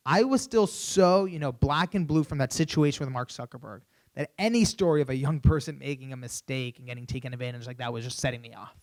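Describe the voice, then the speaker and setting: A young man giving a keynote on a conference stage, telling an animated story through a stage microphone, with many "you know"s. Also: medium pitch, fast talker, few pauses. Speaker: keynote speaker.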